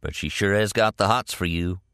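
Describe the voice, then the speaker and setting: A man voicing a coarse, ranting bigot who talks in a raised, high-pitched voice. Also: normal speed, fairly bright tone, no room sound, clean studio sound. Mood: pushy. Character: loud ranting bigoted Southern middle-aged man.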